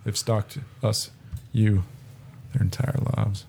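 A man's voice: fairly low pitch, little pitch movement, slow, vocal fry, dark tone, a little hiss or hum. A man hosting a casual podcast chat, upbeat and laughing often, swearing now and then. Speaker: podcast host.

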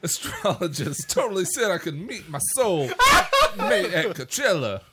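A man putting on a giddy young festival-goer with a mock Boston accent. His voice lifts high and bounces all over. Background noise runs under it. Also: sing-song, moderate pace. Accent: Boston, put on badly. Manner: giggly, pitch jumping high.

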